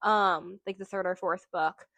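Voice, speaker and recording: A woman's voice: fairly low pitch, fairly even intonation, a little slow, creaky, fairly bright tone, no echo. A woman chatting casually about a book she loves, gushing and drifting onto tangents, swearing now and then. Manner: gushing, rambling, goes on tangents. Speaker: book vlogger. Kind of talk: casual book review chat.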